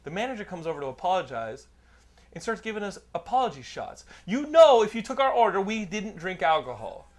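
Middle-aged male host, swears constantly, runs on through his story, slightly higher-pitched. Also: big pitch swings, brisk. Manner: profane, rambling anecdote teller. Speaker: podcast host. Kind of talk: casual storytelling chat.

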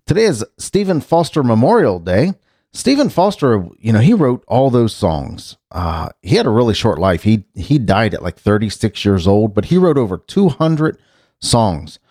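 A man's voice: lowish voice, sing-song, moderate pace, dark tone, no echo, studio quality. A man hosting a casual rundown of the day's birthdays and holidays, rambling and correcting himself as he goes. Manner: chatty, rambling, self-correcting. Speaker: podcast host.

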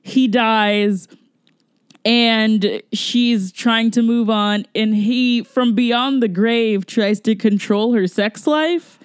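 A woman's voice: a little high, drawn-out words, smooth, no room sound, studio quality. A woman co-hosting a podcast, chatting casually about movies in a rambling, exasperated way with lots of fillers. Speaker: podcast co-host. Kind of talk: casual movie review chat.

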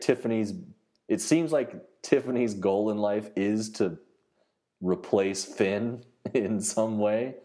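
A man co-hosting a podcast, chatting casually and haltingly with frequent restarts and fillers. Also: lowish voice, mellow. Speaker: podcast co-host. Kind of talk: casual chat.

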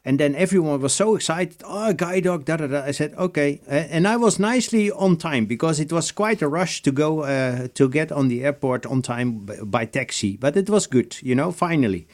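A man co-hosting and telling a story in halting English full of fillers. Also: on the high side, expressive, darkish tone. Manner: halting, many fillers, non-native English phrasing. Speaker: co-host. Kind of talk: casual chat, storytelling.

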